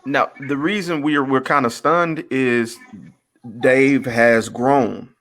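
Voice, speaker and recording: Gravelly man explaining in casual chat. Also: mid-range voice, fairly even intonation, slow pace, a bit bright. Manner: explanatory, thoughtful. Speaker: podcast host.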